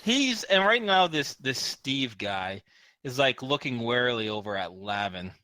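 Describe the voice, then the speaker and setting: A man narrating as game master in a casual tabletop session, animated and often laughing. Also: medium pitch, unhurried, dry recording. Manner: animated, laughing, loose with fillers.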